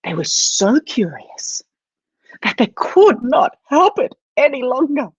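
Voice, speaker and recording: Animated woman telling a children's story. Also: high voice, slow pace, husky, dry recording, lo-fi sound. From Australia. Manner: animated, laughing, mixes Spanish words, whispers for suspense.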